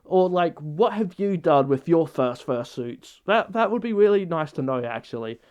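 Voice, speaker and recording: A man's voice: fairly high pitch, lively intonation, normal speed, a little mellow, dull audio. A man vlogging in an unscripted casual chat, rambling and hesitant with many restarts.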